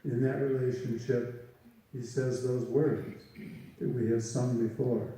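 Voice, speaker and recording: A priest preaches slowly and deliberately, his dark, mellow voice lifting on key phrases. He is heard from a distance in a large, echoing church. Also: medium pitch, fairly even intonation. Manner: slow, measured preaching with emphatic rises. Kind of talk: sermon.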